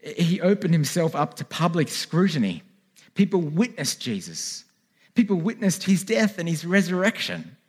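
A man preaching a sermon in a church, with earnest, pleading calls to turn to God. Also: a little high. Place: church hall with a congregation.

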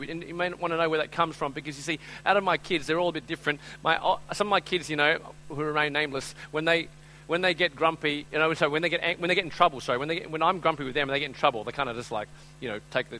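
A man preaching a live sermon, moving between loud, urgent appeals and quiet, chatty storytelling full of fillers. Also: on the high side, steady tone, rapid-fire, rough recording. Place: speaking before a live audience.

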